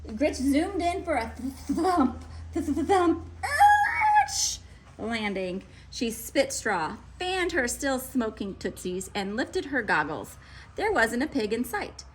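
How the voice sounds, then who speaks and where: A woman reading a children's picture book aloud, with playful, expressive narration. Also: high-pitched, takes it slowly, slight background noise. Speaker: storybook reader.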